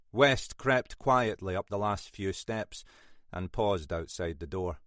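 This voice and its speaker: Unhurried male audiobook narrator. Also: low-pitched, a bit bright, no echo, clean studio sound. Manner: measured, unhurried storytelling.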